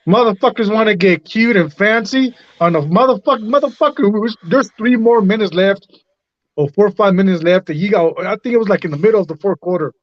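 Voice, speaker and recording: A high-voiced man vents bluntly and with plenty of profanity, hammering his points home. The sound is lo-fi and dull, and close and dry. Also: a little fast, no echo. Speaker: livestream co-host. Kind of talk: profane casual sports rant.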